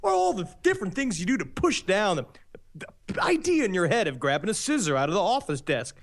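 A man's voice: high voice, very animated, fairly quick, pitched above the performer's own voice. A man putting on the voice of a slick, overly upbeat male commercial announcer. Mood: salesy. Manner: slick, salesy. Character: cheery male commercial pitchman, smarmy and upbeat. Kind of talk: mock advertisement.

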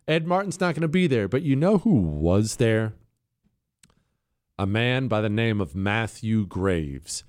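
A man's voice: fairly low pitch, a little mellow. A man hosting a talk radio show, delivering an opinionated monologue in a combative, sarcastic way.

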